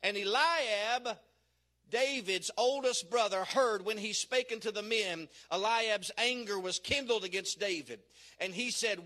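A man preaching a fervent sermon, often dropping in "uh" and rising to shouted climaxes. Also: high-pitched, a little slow. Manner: frequent "uh" fillers.

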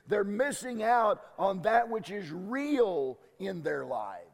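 Slow, gravelly-voiced preaching man. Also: high voice, big pitch swings, long reverb tail. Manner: emphatic preaching with repeated words and restarts. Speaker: pastor. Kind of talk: sermon.

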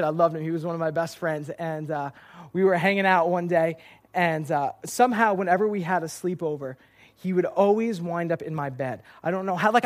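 A young man preaching a casual youth sermon, telling stories with lots of filler words. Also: high voice. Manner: lively storytelling with filler words. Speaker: youth pastor.

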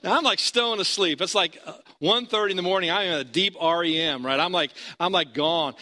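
A man's voice: a little high, lively intonation, fast talker, few pauses, pushed and bright. A male pastor preaching a sermon in a conversational storytelling manner, building to emphatic points.

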